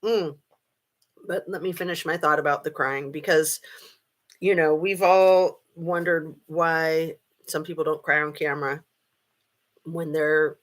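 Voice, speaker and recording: A woman's voice: fairly low pitch, fairly bright tone. A middle-aged woman hosting a casual true crime livestream from home, chatting to viewers and greeting commenters by name with rambling asides. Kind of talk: casual live chat to viewers. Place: room at home.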